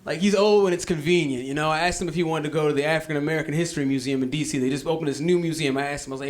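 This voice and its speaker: A man's voice: on the high side, very fast, few pauses. A man performing stand-up comedy, telling stories in a loose, conversational way. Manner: loose, conversational storytelling with repetition.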